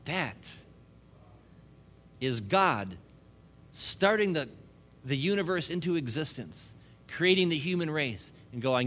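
A male preacher with a bright, forceful voice, pitched a little high for a man. He preaches with humor, laughs between points and drives his emphasis upward. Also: animated, slow, long pauses. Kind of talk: sermon.

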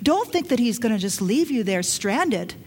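A middle-aged woman preaching a sermon, emphatic, dropping to hushed lines and rising to loud urgent calls. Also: fairly high pitch, sing-song, normal speed, slightly rough. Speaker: pastor.

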